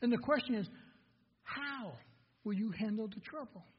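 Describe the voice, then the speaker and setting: A pastor delivering a sermon in a strikingly high, husky voice. He pulls the congregation in with questions and repeated phrases, and his voice carries through a big echoing hall. The lo-fi recording softens the top end. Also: animated, moderate pace. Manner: preaching with call-and-response questions, swinging from hushed to loud. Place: church sanctuary. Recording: dull lo-fi recording in a reverberant hall.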